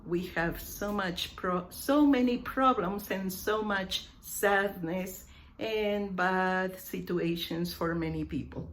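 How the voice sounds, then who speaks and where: A woman's voice: mid-range voice, slow pace. A woman English teacher giving a lesson, saying each phrase carefully and repeating it for her learners.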